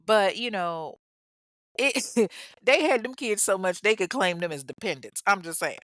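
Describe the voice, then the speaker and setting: Woman podcaster, casual true-crime storytelling, sassy, profane, very lively pitch, dry close sound. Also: unhurried, no room sound. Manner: sassy, profane, humorous asides. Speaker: podcast host.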